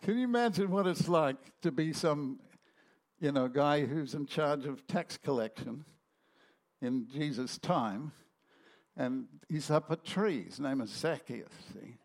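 A man's voice: a little high, lively intonation, a little slow. A man preaching a sermon, telling stories animatedly and acting out the voices in them.

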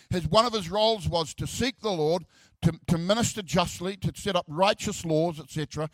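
A man's voice: sits high, no room sound. A middle-aged man preaching a sermon, reading scripture aloud, often repeating words and dropping joking asides. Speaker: pastor.

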